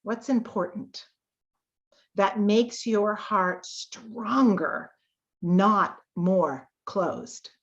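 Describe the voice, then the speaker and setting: On a muffled recording, a medium-pitched woman leads a live tapping call. She coaches her listeners by speaking slowly and emphatically, breaking into sudden emotional outbursts.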